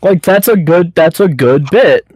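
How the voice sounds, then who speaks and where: A man's voice: fairly high pitch, animated, a little slow, a little mellow, breathy edge, no echo, poor audio. A man co-hosting a casual podcast chat, talking bluntly with swearing and handing out encouraging advice. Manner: blunt, swearing, gives pep-talk advice. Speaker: podcast co-host.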